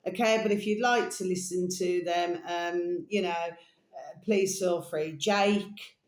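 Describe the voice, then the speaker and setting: Woman, rambling home vlog, lowish voice, lots of ums, echoey room. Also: steady tone, darkish tone. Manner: meandering, full of fillers, dictating text slowly; coos baby talk to her pet. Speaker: vlogger. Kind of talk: rambling casual monologue.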